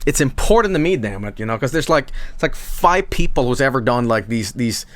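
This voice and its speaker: A man's voice: medium pitch, expressive, fairly quick, fairly bright tone, no room sound. A man with a thick Swedish accent rambling casually to his stream chat, profane and full of asides.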